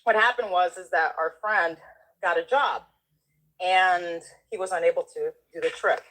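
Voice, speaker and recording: A woman telling a personal story in casual conversation, animated, laughing often and acting out the voices of the people she quotes. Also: on the low side, moderate pace, low-quality recording. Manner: acts out the people she quotes, including herself.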